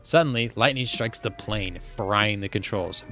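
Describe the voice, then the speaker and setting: A man's voice: fairly low pitch, normal speed, bright, forceful tone, soft background music. Man reading a script aloud, bursts of mock panic. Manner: reads every part in a barely changed voice with bursts of mock panic. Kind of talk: comic script read-through.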